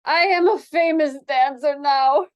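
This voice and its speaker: A woman's voice: high voice, lively intonation, unhurried, darkish tone, pitched above the performer's own voice. A woman reading aloud, voicing a boastful, theatrical woman dancer in a put-on mock Spanish accent and broken English. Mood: haughty. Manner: grand, haughty, broken English.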